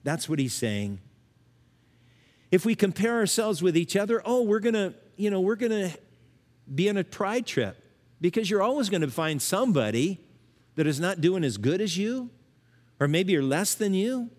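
An older man preaching with earnest conviction, his slightly high voice rising for emphasis and then sinking low and quiet. A long church-hall reverb trails behind every phrase. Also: very animated, normal speed. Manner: earnest, swings between emphatic rises and hushed low lines. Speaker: pastor. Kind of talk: sermon.

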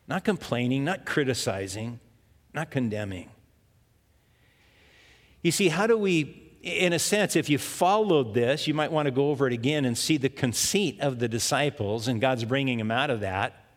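A male pastor preaching a sermon in a lively storytelling manner, repeating words for emphasis. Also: mid-range voice, normal speed, in a large hall.

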